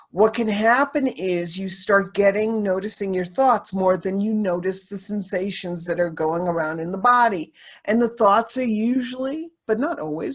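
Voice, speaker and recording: A woman speaking candidly and confessionally as a podcast guest, circling back and repeating phrases as she talks. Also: mid-range voice. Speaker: podcast guest, sensuality teacher. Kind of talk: candid conversational podcast talk.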